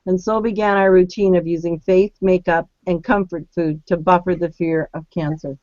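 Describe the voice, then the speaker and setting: A woman's voice: lowish voice, fairly even intonation, normal speed, darkish tone, no echo. A woman co-hosting a webinar, reading a submitted story aloud after playful chat. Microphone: computer mic on a video call. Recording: dull, dry computer audio.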